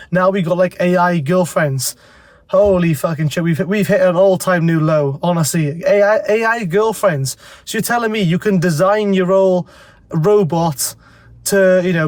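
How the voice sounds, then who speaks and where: A congested young man with a fairly high voice talks straight to camera. He rambles bluntly and swears freely. The sound is close and dry. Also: dry recording. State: congested from a cold. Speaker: self-improvement vlogger. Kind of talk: casual talking-to-camera advice.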